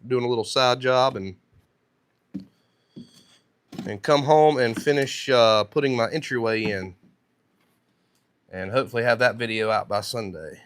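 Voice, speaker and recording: A man's voice: mid-range voice, normal speed. Man with a thick North Carolina accent. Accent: thick North Carolina Southern. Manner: chatty, reads viewer comments aloud and answers them. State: sore throat. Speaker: woodworking live streamer. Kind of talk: casual live-stream chat while working.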